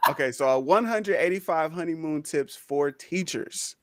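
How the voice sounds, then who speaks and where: A man, the show's producer, asking a guest a question with halting, laughing restarts. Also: a little high, lively intonation, fairly bright tone, slight background noise. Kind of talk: casual chat.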